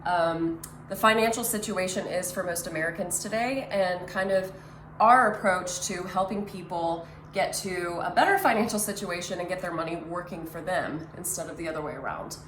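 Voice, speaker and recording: A woman's voice: lowish voice, moderate pace. A woman, a money coach explaining finances in a casual, conversational way as she draws on a board. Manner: conversational, drawing as she explains, many fillers. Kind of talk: whiteboard financial talk. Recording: echoey room, faint ambient noise.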